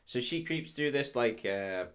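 A man's voice: mid-range voice, lively intonation, measured pace, a bit bright, clear, resonant tone. Casual man recapping a film. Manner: swears freely, retells scenes in quoted voices. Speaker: podcast co-host.

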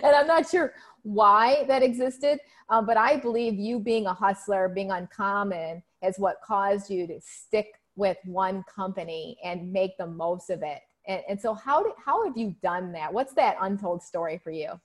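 A woman's voice: medium pitch, measured pace, few pauses. A woman hosting an interview podcast, praising her guest enthusiastically and asking questions. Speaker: podcast host.

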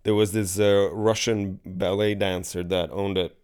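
A man with a fairly low voice talks in a relaxed, casual conversation. He tells meandering stories full of fillers and restarts. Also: measured pace, smooth. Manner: rambling, hesitant storytelling with many fillers. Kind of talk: casual chat.

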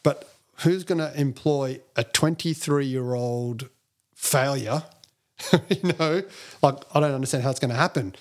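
A man, a podcast guest who tells animated, self-deprecating stories and acts out other people's lines. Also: medium pitch, measured pace. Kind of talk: storytelling interview talk.

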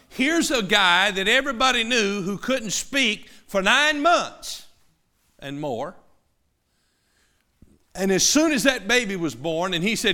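A middle-aged male pastor preaching a sermon, emphatic, moving between loud urgency and hushed lines. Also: high voice, very animated, measured pace.

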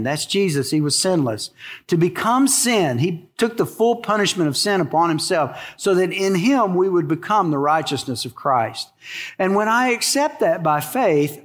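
A man's voice: a little high, fairly bright tone. A middle-aged man preaching a sermon, emphatic and storytelling, with rhetorical questions to his listeners. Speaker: pastor.

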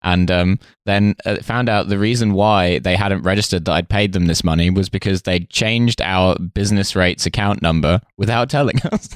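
A man hosting a podcast, recapping a sitcom episode in casual chat with dry, deadpan jokes and frequent laughs. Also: low voice, moderate pace, hardly any pauses, clean tone, dry recording. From Britain.

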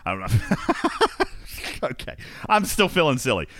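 A man's voice: mid-range voice, wildly swooping pitch, normal speed, fairly bright tone, no echo. A man hosting a casual livestream, joking, laughing often and announcing segments in a sing-song way. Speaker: livestream host.

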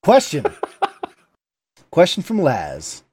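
A man's voice: on the high side, extremely slow, slightly rough. A man co-hosting a podcast, telling stories in a casual, laughing way and reading listener emails. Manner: laughing, animated storytelling. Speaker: podcast co-host. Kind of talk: casual chat.

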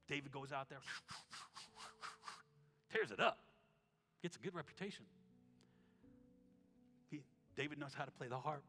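A man preaching a sermon as pastor, telling stories with acted-out quotes and dropping to a soft tone when reading scripture. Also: a little high, moderate pace, long pauses. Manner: animated storytelling, acts out quotes, drops to soft tones for scripture. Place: church sanctuary. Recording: reverberant hall with soft instrumental music.

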